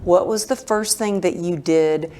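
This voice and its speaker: A woman's voice: lowish voice, a little slow, warm tone. A woman hosting a podcast interview, effusive and enthusiastic as she introduces and questions her guest. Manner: effusive, enthusiastic, emotional reactions. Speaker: podcast host.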